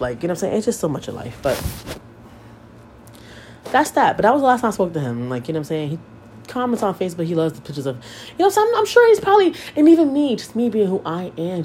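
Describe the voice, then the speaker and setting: A woman's voice: medium pitch, a little mellow, a little hiss or hum. A young woman hosting a podcast, talking candidly and emotionally, swearing often and repeating herself as she vents. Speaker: podcast host. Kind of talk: candid personal podcast monologue.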